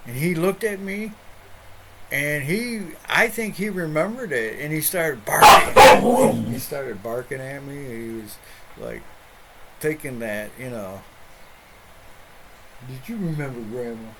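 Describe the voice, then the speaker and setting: A man's voice: on the high side, animated, a little slow, noisy background. A middle-aged man, a pastor hosting an online show, telling a rambling story in casual chat with many restarts.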